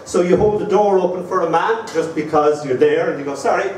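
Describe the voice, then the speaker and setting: An Irish man giving a live poetry reading, reciting slowly and measuredly, with wry anecdotes between the poems. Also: a little high, a little mellow, slight background noise. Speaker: poet. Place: live performance venue. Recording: roomy hall from far off.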